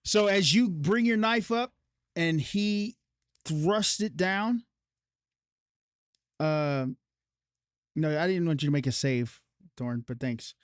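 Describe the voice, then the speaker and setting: A man running a live-streamed tabletop game as game master, casual and profane with a slow, drawn-out narrating manner. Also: fairly high pitch, no echo, studio quality.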